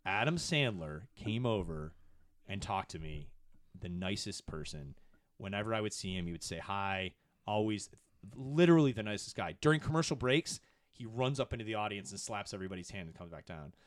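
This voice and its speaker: Middle-aged man, low baseline voice, dry close sound, excitable storyteller for a casual podcast chat. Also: fairly quick, no echo. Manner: excitable storyteller, swings to high animated peaks. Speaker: podcast producer.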